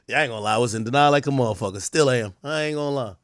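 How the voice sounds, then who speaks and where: A man streaming live, telling crude stories in a casual way, acting out the dialogue and breaking into loud shouts. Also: medium pitch, rapid-fire, no echo, studio quality. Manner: animated, crude storytelling that acts out dialogue. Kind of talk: casual livestream commentary.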